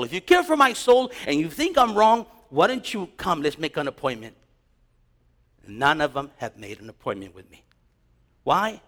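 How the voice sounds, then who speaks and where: A man teaching a Bible class as a pastor, telling stories with animated storytelling and acting out encounters. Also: sits high. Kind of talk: sermon.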